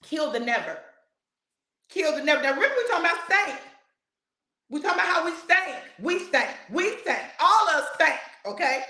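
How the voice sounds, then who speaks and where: A high-voiced woman preaches, hammering the same phrases again and again and breaking into shouts. The sound is roomy and echoey. She drives a sermon straight at her listeners. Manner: fiery, repetitive exhortation with shouts and laughs.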